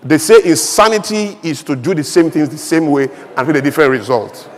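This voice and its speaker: High-voiced man giving an impassioned speech. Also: lively intonation, a little fast. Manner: rhetorical, emphatic, humorous asides. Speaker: conference speaker. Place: large event hall. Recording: long hall reverb.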